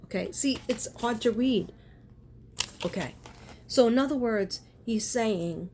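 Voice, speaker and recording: A woman's voice: on the high side, slow pace, pauses often, a little mellow, slight background noise. A woman chatting casually in a spiritual vlog, rambling and earnest, often breaking off and restarting. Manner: rambling, self-interrupting, earnest. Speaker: spiritual artist and vlogger.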